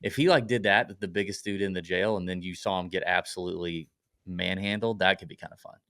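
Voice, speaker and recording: A man's voice: sits low, a little fast, smooth, no room sound, studio quality. A man co-hosting a podcast, chatting casually and acting out jokey little scenes. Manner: animated, jokey, acts out silly bits. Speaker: podcast co-host. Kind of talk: casual chat.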